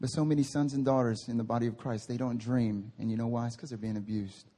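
A man preaching a sermon as pastor, lively, with playful voiced asides and big swings from loud to hushed. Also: medium pitch, quick pace. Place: church service.

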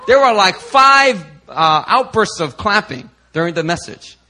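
Bright, animated male preacher telling a story. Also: high voice, unhurried. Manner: animated, chatty storytelling with many fillers. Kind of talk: storytelling sermon testimony.

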